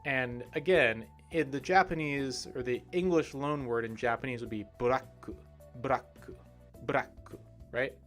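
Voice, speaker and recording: A man teaching English pronunciation in a livestream lesson, modelling words slowly and clearly and checking in with "right?". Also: medium pitch, fairly bright tone, faint music behind.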